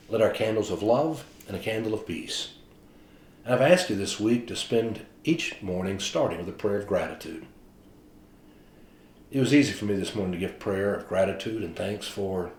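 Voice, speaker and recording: A man's voice: on the low side, echoey room. A man, a pastor, telling stories in a casual, chatty devotional talk. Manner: chatty storytelling, animated retelling.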